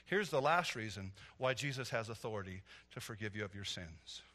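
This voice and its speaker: A middle-aged man preaching a sermon, telling stories with animated energy that swells into loud, emphatic preaching. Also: on the low side, a little fast, few pauses. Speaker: pastor.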